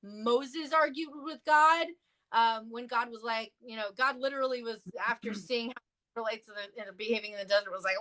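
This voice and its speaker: A woman speaks briskly with a steady, fairly bright tone while chatting as a clergy guest in a livestream discussion. Her storytelling is casual and full of fillers, and quoted voices bring sudden jumps in her pitch.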